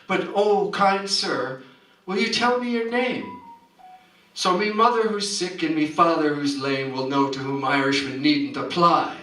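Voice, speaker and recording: A man's voice: on the high side, measured pace, bright, forceful tone, a little hiss or hum. Lilting, defiant poor Irish lass, a man voicing her, echoey hall, far mic. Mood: pleading. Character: poor, spirited young Irish woman. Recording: roomy hall, distant mic.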